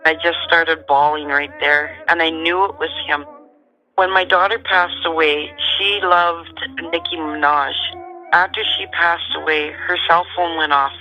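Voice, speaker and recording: A middle-aged woman, calmly and matter-of-factly telling a personal story as a guest. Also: lowish voice, measured pace, highs cut off, faint music behind. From Canada. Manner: calm, matter-of-fact storyteller.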